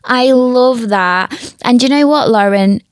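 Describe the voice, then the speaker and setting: Bright-voiced Northern English woman host. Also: on the high side, slow pace, no echo. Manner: chatty and enthusiastic. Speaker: podcast host. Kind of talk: casual podcast conversation.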